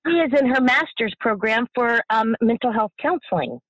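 Impassioned middle-aged woman, halting speech. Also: fairly high pitch, animated, no echo, low-quality recording. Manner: impassioned, halting, repeats herself. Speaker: guest, bereaved mother. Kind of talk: emotional interview.

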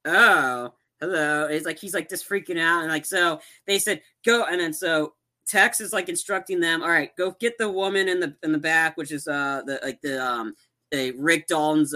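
A man's voice: a little high, sharp tone. A man casually recapping a film's plot, rambling with many restarts and fillers and acting out characters' lines.

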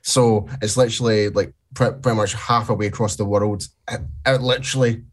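Fast-talking low-voiced man. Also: fairly even intonation. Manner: quick, explanatory, repeats words at starts. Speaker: podcast co-host. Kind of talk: casual sports podcast chat.

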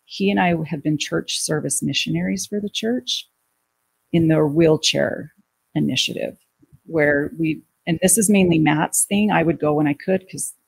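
Husky, gravelly woman telling her story. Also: low-pitched. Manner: animated retelling, acting out quoted dialogue. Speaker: guest. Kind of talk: personal storytelling in an interview.

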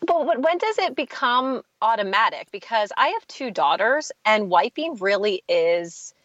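A woman's voice: fairly high pitch, a little slow, dry recording, dull audio. A woman who is a mother, a podcast guest telling funny stories about her kids and acting out their voices. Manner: animated, acts out her kids' voices. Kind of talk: casual chat, storytelling.

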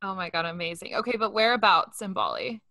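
A woman hosting a podcast, chatty and effusive, quick to agree with her guest and laugh along. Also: medium pitch, big pitch swings, bright, forceful tone, no echo. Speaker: podcast host. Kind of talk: casual podcast interview.

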